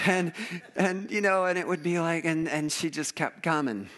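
A male pastor delivers a sermon in a church, speaking in a very expressive, swooping voice. He tells stories in an animated way, acts out each quoted line and often laughs. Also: high-pitched, moderate pace.

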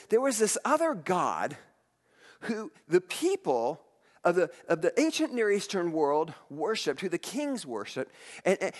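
A man's voice: sits high, big-room sound. A man preaching a storytelling sermon, retelling and reading scripture with many restarts. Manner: animated, restarts often, reads scripture aloud. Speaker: pastor.

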